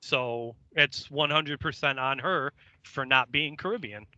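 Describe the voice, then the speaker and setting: A man co-hosting a casual podcast, easygoing with a deadpan sarcastic streak. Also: mid-range voice, a little slow, no echo, highs cut off. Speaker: podcast co-host. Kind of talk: casual chat.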